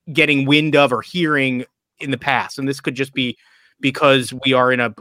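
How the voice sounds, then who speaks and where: A man riffs on his team in casual sports talk. His voice is bright and forceful, pitched a little high, and it sits very dry and close on the mic. He rambles, restarts and laughs through his stories. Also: no echo. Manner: rambling, self-interrupting, laughs while telling stories. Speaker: podcast co-host.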